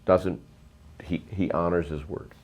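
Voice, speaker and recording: Middle-aged man, very low voice, emphatic rambling storyteller. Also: steady tone, unhurried, darkish tone. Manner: rambling, emphatic, frequent ums and uhs. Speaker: real estate investor, guest. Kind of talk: storytelling interview.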